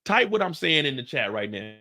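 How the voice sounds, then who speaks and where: A young man from Kansas City hosting a casual livestream, talking loud and jokey and pushing his voice up to entertain. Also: a little high, sing-song, brisk. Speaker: host of a TV show recap livestream.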